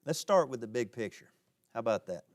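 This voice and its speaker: A man's voice: medium pitch, lively intonation, a little fast. A man with a Southern US accent, a park ranger giving a folksy, self-deprecating history lecture to a live audience.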